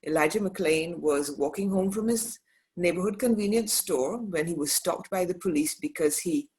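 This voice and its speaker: A woman's voice: on the low side, normal speed, a little mellow. A woman co-hosting a podcast in casual conversation, speaking emphatically and repeating phrases for weight. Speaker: podcast co-host.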